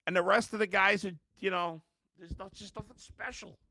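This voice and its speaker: A man's voice: high-pitched, fairly even intonation, normal speed, bright, forceful tone, no room sound. A man hosting a live sports podcast, worn out and frustrated, talking bluntly with some swearing while reading fan comments. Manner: exasperated, blunt, profane, reads fan comments aloud. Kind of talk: live-streamed sports reaction.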